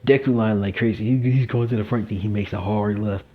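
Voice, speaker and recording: A man's voice: on the low side, steady tone, fast. A young man telling a fan-fiction story casually, rambling with lots of fillers, in a dull lo-fi recording.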